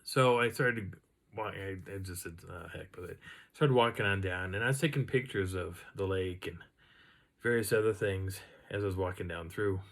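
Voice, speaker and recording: A man casually recounting an outdoor encounter in a rambling, animated way, now and then imitating the sounds he heard. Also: low-pitched, normal speed. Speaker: outdoor storyteller. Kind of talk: casual first-person storytelling.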